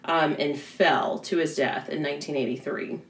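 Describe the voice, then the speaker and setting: Chatty Southern woman, low voice, echoey room. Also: fairly even intonation, normal speed, a little hiss or hum. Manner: chatty, laughs often, many fillers. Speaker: podcast co-host. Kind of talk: casual chat.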